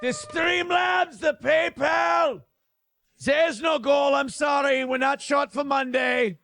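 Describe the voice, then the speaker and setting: A man doing a ranting, bombastic caricature of a male German dictator with a mock German accent, shouting as a comic bit on a livestream. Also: extremely high pitch, steady tone, takes it slowly, vocal fry, no echo, soft background music, voice pushed up, full character voice. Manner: barking, bombastic, mock-pleading.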